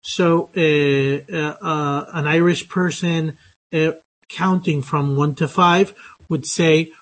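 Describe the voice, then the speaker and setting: A man's voice: a little high, steady tone, slow, fairly bright tone. A man teaching English phonetics in a lecture, speaking with many hesitations, fillers and restarts. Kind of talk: online lecture.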